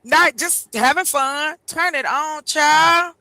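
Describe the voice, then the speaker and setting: A woman hosting a casual podcast chat, blunt and animated, telling stories with slang. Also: sits high, slow, no echo.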